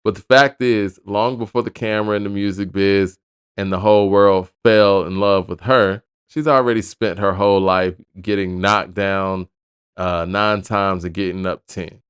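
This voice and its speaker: A man's voice: on the low side, fairly even intonation, normal speed, smooth, dry recording, studio quality. A man hosting a hip hop news show, reading an album review aloud and breaking off into casual asides.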